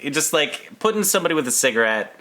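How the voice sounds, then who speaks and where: A man co-hosting a podcast, chatting casually about a film in an animated way and drawing on his own acting experience. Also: fairly high pitch, fast talker. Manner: animated, chatty, slips into playful put-on voices. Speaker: podcast co-host.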